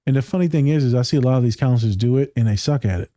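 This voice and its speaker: A man with a mellow, relaxed voice talks loosely and profanely, full of slang. He sounds like a counselor chatting with friends on a podcast, recorded close and dry with no room sound. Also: mid-range voice, very fast, no echo. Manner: casual, profane, slangy storytelling. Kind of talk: casual podcast chat.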